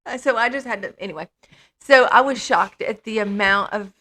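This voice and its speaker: A woman's voice: medium pitch, moderate pace, pushed and bright. A middle-aged woman co-hosting a casual chat, chiming in and adding details to the story. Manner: chimes in, adds details. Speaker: co-host.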